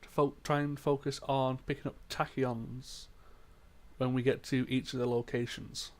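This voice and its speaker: A mid-pitched man plays in a tabletop role-playing game. He thinks aloud as he talks, stopping and restarting mid-phrase. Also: little pitch movement, normal speed. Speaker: player. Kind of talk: casual tabletop game talk.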